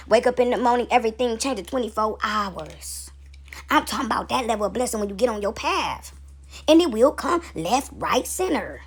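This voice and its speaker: A woman preaching casually on a home video, animated and slangy, swearing freely and often laughing. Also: on the high side, normal speed, breathy edge. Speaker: spiritual video creator and mother. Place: home, seated with dogs nearby.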